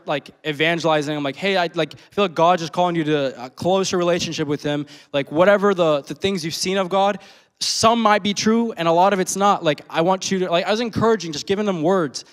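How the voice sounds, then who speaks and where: A man's voice: on the high side, a bit bright. A man in his twenties telling a personal story during a sermon, casual and full of slang, laughing often. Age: 20s. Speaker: preacher.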